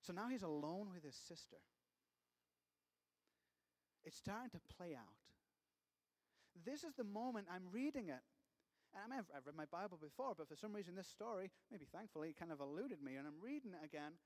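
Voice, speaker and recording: A man's voice: sits high, very animated, normal speed, darkish tone, big-room sound. A man preaching a sermon, retelling a scripture story in his own conversational words.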